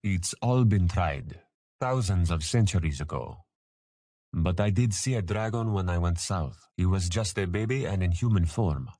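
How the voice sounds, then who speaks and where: A man voicing a powerful, caring grown man who speaks softly, proudly and gravely in a storybook. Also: low-pitched, normal speed, no room sound, clean studio sound. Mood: solemn.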